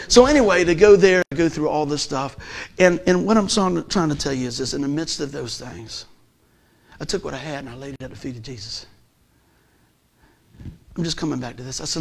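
Guy preaching his testimony, kinda high voice, acts out the quotes, gets loud then goes quiet. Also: a little fast, creaky. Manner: storytelling with acted-out quotes, swings from loud to hushed. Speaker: gospel musician giving testimony. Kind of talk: animated testimony sermon.

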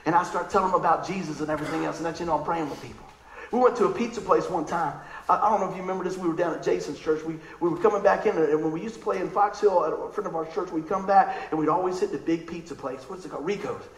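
A man preaching a sermon in an animated, conversational way, telling stories and asking the crowd questions. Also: on the high side, racing, roomy sound, low-quality recording. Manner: animated, excitable storytelling.

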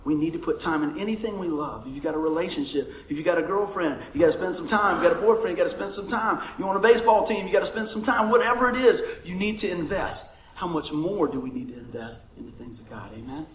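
Older male pastor, high voice, joking sermon style, echoey hall. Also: quick pace, few pauses. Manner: jokey, animated, laughs often. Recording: echoey room with faint noise.

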